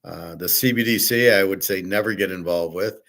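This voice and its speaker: A man's voice: low voice, moderate pace, fairly bright tone. A man hosting a casual opinion monologue, blunt and profane, arguing with rhetorical questions. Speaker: host.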